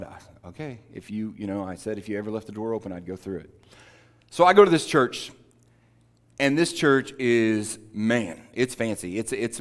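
A man preaching a sermon, telling a personal story in a conversational way that builds to emphatic preaching. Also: fairly low pitch. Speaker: pastor.

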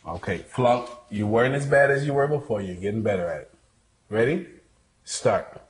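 A man acting as a drill coach, explaining training routines in a measured way and then taunting and goading a student. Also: mid-range voice, expressive, a little hiss or hum.

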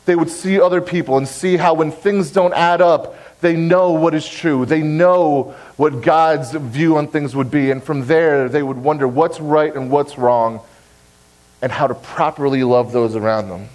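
A man's voice: on the high side, measured pace, darkish tone, poor audio. A young adult man, a pastor, preaching a sermon in a church in an earnest, direct way, repeating key phrases to press the point. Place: church sanctuary.

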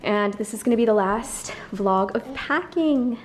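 A woman's voice: fairly high pitch, expressive, a little slow, slight background noise. Bubbly chatty woman vlogging at home. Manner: bubbly, chatty, laughs often. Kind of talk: casual vlog chat. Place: home kitchen and vanity.

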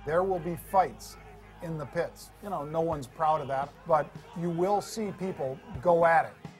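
Trader dude, kinda high voice, intense, music going underneath. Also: male voice, a little slow. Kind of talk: documentary interview.

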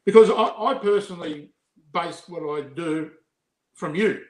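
A man's voice: fairly high pitch, unhurried, reverberant, rough recording. A man co-hosting a podcast, putting an earnest question to a guest. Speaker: podcast co-host. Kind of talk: interviewing a guest.

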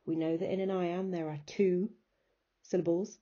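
Woman, teacher, low mellow voice, patient step-by-step explaining, muffled lo-fi recording. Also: flat delivery, normal speed. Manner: patient, explains step by step and chants rhythms aloud. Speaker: English teacher. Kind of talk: recorded remote lesson.

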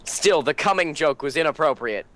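A man's voice: on the high side, animated, normal speed, a bit bright. A young man making sarcastic remarks while playing a co-op video game. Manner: sarcastic, dry jokes. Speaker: co-op game player. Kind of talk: casual gaming chat.

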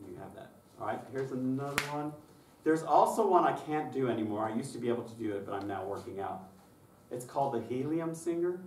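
Man presenting a music workshop, animated. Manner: lively, breaks into high falsetto to imitate children. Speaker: choir director and workshop presenter. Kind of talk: conference workshop talk with sung demonstrations. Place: conference room. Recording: roomy distant recording with faint noise.

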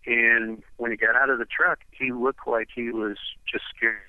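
A man's voice: mid-range voice, fairly even intonation, normal speed, dry recording. A man from the eastern United States, a radio guest telling a long story over the phone in a rambling way, full of fillers. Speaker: radio show guest, ranch owner. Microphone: telephone. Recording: tinny phone line, dry.

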